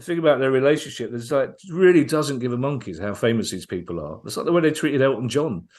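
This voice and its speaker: A comedian guests on a podcast, spinning anecdotes with lively energy. He trips over his own words and restarts often, then carries on talking. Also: medium pitch, fast talker. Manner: lively storyteller, frequent restarts.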